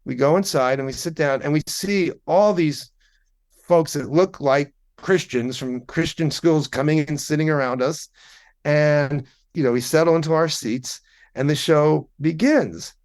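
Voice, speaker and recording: A man's voice: a little high, measured pace, a little mellow. Wry man telling a story. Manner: wry, conversational, with occasional swearing. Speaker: podcast guest. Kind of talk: casual anecdotal storytelling.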